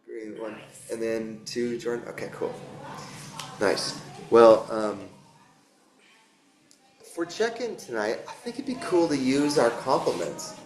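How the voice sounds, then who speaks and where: A man's voice: medium pitch, lively intonation, slow pace, long pauses. A man leading a yoga teacher training class, chatty and joking, encouraging his students. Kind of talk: casual class talk. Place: warm studio room with a group. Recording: echoey room.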